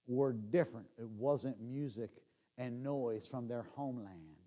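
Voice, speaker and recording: A man preaching a sermon, swinging from loud calls to hushed near-whispers and repeating phrases as he builds. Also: medium pitch, unhurried. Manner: repeats and restarts phrases, folksy asides.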